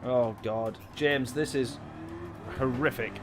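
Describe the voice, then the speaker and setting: A man's voice: medium pitch, steady tone, slow, noisy background. Exasperated man ranting on a stream. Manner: ranting, exasperated storytelling with sudden loud outbursts. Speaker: sim-racing streamer. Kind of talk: casual live-stream chat.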